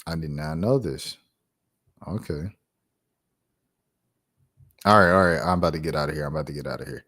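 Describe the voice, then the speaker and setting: A man hosting a live stream and chatting casually, reacting to news in loose slang and thinking out loud. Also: very deep voice, moderate pace. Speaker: streamer host.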